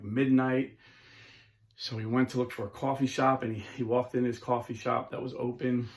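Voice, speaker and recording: A man hosting a Catholic talk show, telling stories in a casual, animated way. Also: lowish voice. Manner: animated storyteller, casual with filler words. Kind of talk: storytelling talk.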